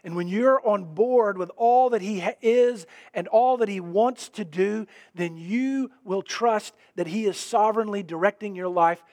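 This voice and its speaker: A middle-aged man preaching a sermon, telling a story earnestly and swinging from emphatic lines to hushed ones. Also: high voice, measured pace, few pauses. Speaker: pastor.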